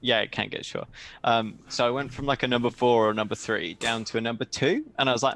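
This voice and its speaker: A man's voice: mid-range voice, fast, a bit bright, a little hiss or hum. Man with dry, teasing banter. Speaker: player. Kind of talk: casual chat at a tabletop game.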